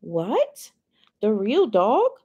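A woman's voice: a little high, extremely slow, slightly rough, lo-fi sound, exaggerated voice. Woman reading as an evasive young girl. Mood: defensive. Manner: short, flat, reluctant replies.

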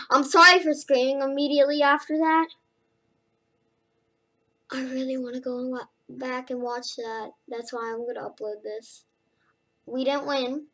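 A woman giving casual commentary over her own gameplay as a streamer, excitable and prone to shouting and squealing when she gets hyped. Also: sits high. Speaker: gaming streamer.

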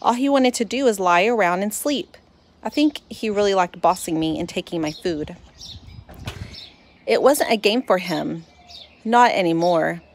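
A woman narrating a children's storybook in first person, expressive and lively. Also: fairly low pitch, slight background noise.

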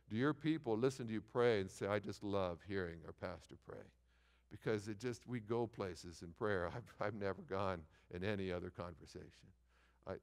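A middle-aged man preaching a sermon, telling stories with lively, stop-and-start phrasing. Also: medium pitch, clean tone. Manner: animated storytelling with repeated false starts. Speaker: pastor. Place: large church sanctuary. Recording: long hall reverb.

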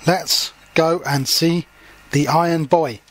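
A man's voice: a little high, fairly even intonation, slow pace. A man voicing a wise, helpful male owl in a storybook he is reading aloud. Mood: reassuring.

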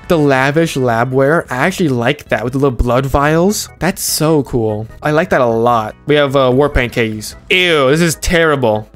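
A young man giving casual, jokey commentary while opening game cases, excitable and swearing, his voice jumping up when he gets hyped. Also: fairly high pitch. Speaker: gaming streamer.

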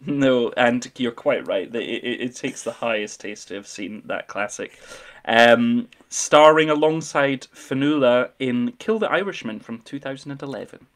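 Male podcast host, middle pitch, playful and eager. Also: lively intonation, a little slow. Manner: playful, enthusiastic, teasing. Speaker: podcast host running a film quiz. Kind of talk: casual chat.

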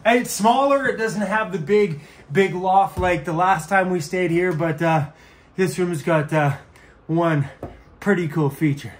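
A man's voice: high-pitched, unhurried. Chatty man vlogging on the road. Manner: chatty, laughs often, talks fondly to his dog. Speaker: van life vlogger. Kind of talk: casual vlog chat.

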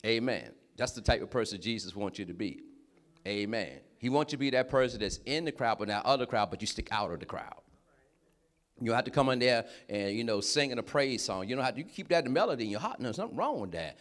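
A man preaching a sermon in a lively, conversational way, breaking in with short affirmations and laughing as he talks. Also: medium pitch, fast talker. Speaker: pastor.

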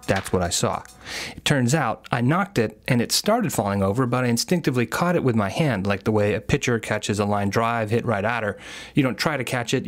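A man hosting a podcast, telling a scripted story in a wry, self-mocking way. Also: mid-range voice. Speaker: podcast host.

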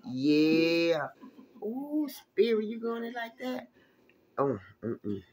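A woman giving a casual tarot reading, animated and exclamatory, with plenty of salty, profane asides. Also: medium pitch, drawn-out words. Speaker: tarot reader.

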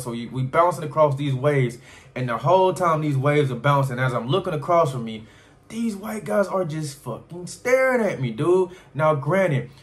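A young man from California, telling a travel story in a loose, slangy way. His pitch rises and falls a lot, jumping high on exclamations and dropping low and quiet for asides. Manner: animated, rambling, slangy storytelling. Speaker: travel vlogger. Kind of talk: casual storytelling vlog.

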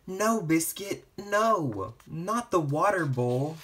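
A man reading a picture book aloud to children, gently, with playful barks and meows for the animals. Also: medium pitch, sing-song, slow, a little hiss or hum. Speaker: storytime reader.

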